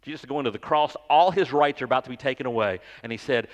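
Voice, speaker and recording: Brief: male pastor, mid-pitched voice, chatty sermon with stammered repeats, hall reverb. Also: fast. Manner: conversational, self-deprecating, stammers and repeats words. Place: church sanctuary.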